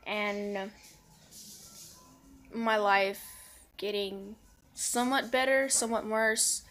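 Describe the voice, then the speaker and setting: A woman's voice: medium pitch, fairly even intonation, slow, fairly bright tone, faint music behind. A teenager with a female voice, talking in a personal confessional vlog in a subdued, hesitant, rambling way with lots of fillers and restarts. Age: teens. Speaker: vlogger.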